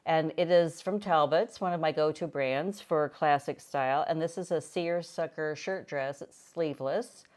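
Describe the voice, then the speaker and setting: Older woman, low voice, casual live-stream host, meandering and chatty. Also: normal speed, hardly any pauses, a little mellow. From United States. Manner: chatty, meandering, with frequent restarts. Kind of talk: casual live-stream chat about fashion.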